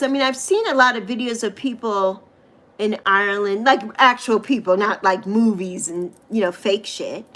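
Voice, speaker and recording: Bright-voiced laughing American woman. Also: fairly high pitch. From United States. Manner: chatty, laughs often, swears casually. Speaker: live stream host. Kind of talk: casual live chat with viewers.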